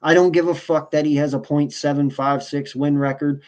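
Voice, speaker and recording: A man with a fairly high-pitched voice, ranting about his team on a casual sports podcast. He swears freely and talks with heated frustration. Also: flat delivery, normal speed, a little mellow. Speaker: podcast co-host.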